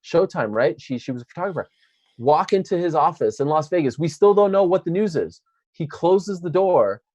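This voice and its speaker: A man's voice: on the high side, moderate pace, no room sound, lo-fi sound. A man interviewing a guest, telling a long story in casual chat and acting out what people said. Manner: animated storyteller acting out quotes.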